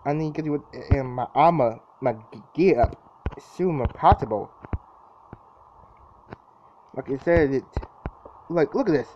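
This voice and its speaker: Young man, gameplay commentary, jumpy and repetitive, slightly high voice, dull recording. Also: animated, measured pace, long pauses, dark tone. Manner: jittery, exclaims often, repeats himself. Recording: dull lo-fi mic with clear background noise.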